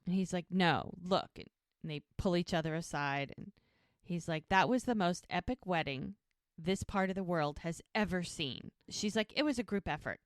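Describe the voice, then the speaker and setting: Low, smooth-voiced woman recapping a show. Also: moderate pace, no echo, studio quality. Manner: retells scenes by acting out lines, laughs often. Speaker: podcast co-host recapping a TV episode. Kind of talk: casual chat.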